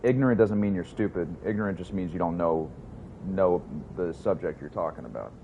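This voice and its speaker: A deep-voiced man streams a game and rambles to his viewers in a casual, profane way. His mic sounds slightly dull, and a faint hiss sits underneath. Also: brisk, dark tone. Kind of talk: casual livestream gaming commentary.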